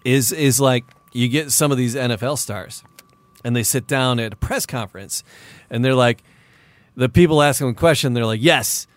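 A man's voice: medium pitch, normal speed, no echo. Joking man co-hosting a chat. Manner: joking, interjecting. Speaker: co-host. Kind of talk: casual chat.

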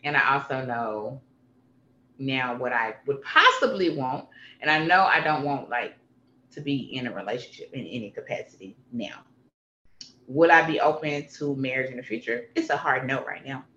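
Bright, emphatic guest in a roomy room. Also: mid-range voice, normal speed, slight background noise. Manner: emphatic and animated, repeats phrases for punch. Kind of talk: candid personal conversation. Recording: roomy, slightly dull sound.

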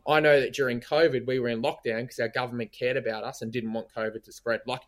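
A man's voice: medium pitch, fairly even intonation, fast. A man with an Australian accent, co-hosting a casual sports podcast and arguing his view emphatically, often checking with "right?". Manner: emphatic, argumentative, leans on "right?". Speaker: podcast co-host.

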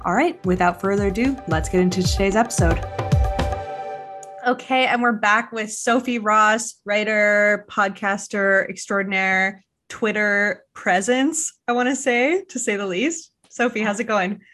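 A woman's voice: medium pitch, a little slow, fairly bright tone, faint music behind. A woman hosts a podcast, rambling in a loose, self-deprecating way. She swears casually and laughs at herself as she talks. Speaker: podcast host. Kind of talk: casual chat.

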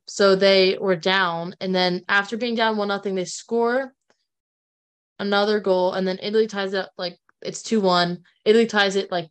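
Casual woman co-host, chatty and filler-heavy, middle pitch. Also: clean tone. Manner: chatty, laughing, many fillers and restarts. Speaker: podcast co-host. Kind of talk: casual sports chat.

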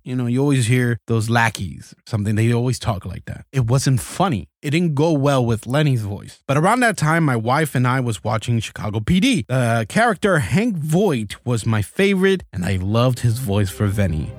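A chatty male host talking casually to his listeners, walking through how his characters came together. His voice is mid-pitched but lively, rising and falling a lot. The recording is dry and close. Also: normal speed, few pauses, no echo. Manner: chatty, explaining.

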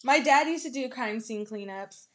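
Young woman, high voice, casual banter, laughs a lot, mock voices. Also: normal speed. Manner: laughs often, slips into mock voices for impressions. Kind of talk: casual chat.

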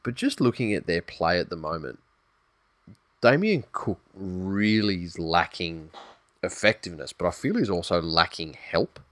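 A man's voice: sits low, expressive, moderate pace, fairly bright tone, no room sound. A man, co-hosting a casual sports podcast, blunt and sweary, reading out listener comments. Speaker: podcast co-host.

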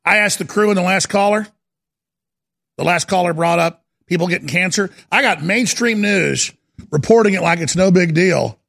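Male talk radio host, high and very gravelly, sarcastic, mocks headlines as he reads them. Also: normal speed, a bit bright. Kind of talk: heated call-in radio monologue.

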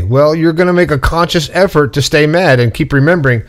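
A man's voice: on the high side, a little fast, few pauses. A middle-aged man hosting a podcast, talking casually and bluntly, with swearing, as he lectures about staying positive. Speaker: podcast host. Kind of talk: casual monologue.

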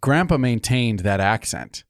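A man's voice: mid-range voice, no room sound, clean studio sound. A man in casual podcast chat from California, telling stories with lots of laughter. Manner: animated storytelling, quick to laugh. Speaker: podcast co-host.

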